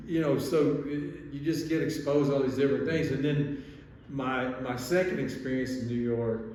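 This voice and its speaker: A man hosts a casual podcast, rambling through anecdotes with restarts and chuckles. His voice is mid-pitched. It echoes heavily in a room with faint background noise. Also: steady tone, normal speed, darkish tone, distant mic. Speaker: podcast host, surgeon. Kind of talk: casual chat, storytelling.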